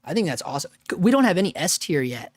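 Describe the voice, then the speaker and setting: A man's voice: fairly high pitch, very animated, fast talker, husky, dry recording, studio quality. Upbeat man rambling on a livestream. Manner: rambling and joking, often laughing at himself. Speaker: livestream host. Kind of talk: casual live-stream chat.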